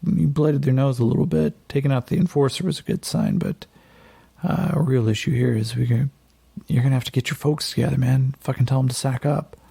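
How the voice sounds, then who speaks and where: A man voicing a nervous young male soldier who speaks haltingly, with many fillers. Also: mid-range voice, lively intonation, gravelly, dark tone, husky, full character voice. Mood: urging. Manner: hesitant, halting, full of fillers.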